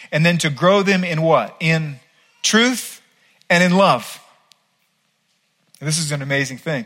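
An earnest male pastor delivering a sermon, his voice fairly high and bright. He is emphatic, dropping to soft asides and then pushing louder. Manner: earnest, emphatic, shifts between soft and loud.

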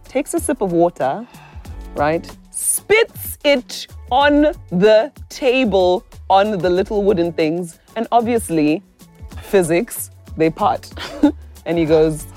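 A woman hosting a podcast tells a dating story in a casual chat, animated and laughing a lot as she acts out the voices of the people involved. She has a medium-pitched voice and speaks slowly, with soft music playing in the background.

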